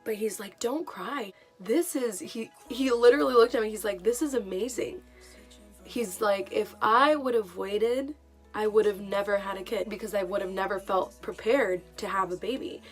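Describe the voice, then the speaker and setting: A woman's voice: mid-range voice, moderate pace, soft background music. A young woman vlogger telling a personal story in a casual, emotional way, with many fillers.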